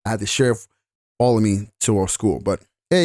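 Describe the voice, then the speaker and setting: A man's voice: on the low side, brisk, a little mellow, dry recording, studio quality. A young man from the United States talking casually to camera in a vlog, rambling a bit and stopping to search for words. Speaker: vlogger.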